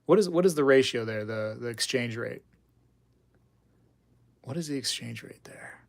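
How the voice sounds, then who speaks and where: A man's voice: mid-range voice, lively intonation, normal speed, vocal fry. A man hosting a coin livestream, rambling and joking with viewers in casual chat. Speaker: coin channel host.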